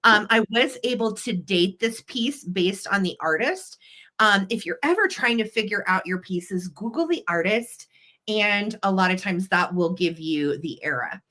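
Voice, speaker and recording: Bright upbeat woman selling vintage live. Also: medium pitch, expressive, unhurried. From western United States. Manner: chatty, upbeat, sales patter with auction countdowns. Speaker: live sale co-host.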